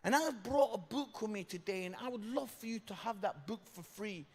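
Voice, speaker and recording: A man's voice: high-pitched, lively intonation, fairly quick. A British man preaching an evangelistic sermon, telling a story and repeating phrases for emphasis. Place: large church hall. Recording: long hall reverb.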